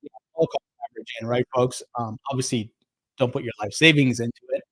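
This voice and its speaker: A man's voice: mid-range voice, fairly quick, a bit bright, no echo. A middle-aged man with a New Jersey accent hosts a casual crypto livestream, reading viewer comments aloud and greeting people by name in an upbeat, chatty way.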